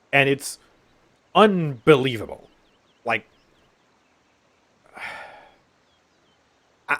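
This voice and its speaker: A man's voice: medium pitch, bright, forceful tone. A young man giving casual gameplay commentary on a game update, sarcastic and exasperated, often sighing and laughing. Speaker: gaming YouTuber.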